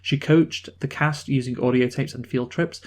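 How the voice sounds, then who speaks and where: A man from the North of England co-hosting a relaxed film review podcast. He talks with easy enthusiasm at a middle pitch, looping and restarting his sentences as he goes. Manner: enthusiastic, rambling, halting restarts. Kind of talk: casual film discussion.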